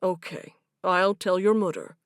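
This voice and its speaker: A woman voicing a calm grown man who delivers bad news slowly and steadily in an audiobook. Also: on the low side, smooth, dry recording, studio quality, close to an everyday voice. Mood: somber. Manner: slow, steady, subdued. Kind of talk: audiobook character voice.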